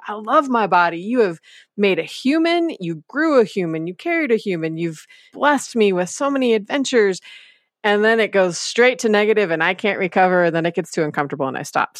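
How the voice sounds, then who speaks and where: A woman's voice: mid-range voice, dry recording. Candid woman podcast host, dry sound. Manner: candid and chatty, openly sharing personal experience. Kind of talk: conversational podcast interview.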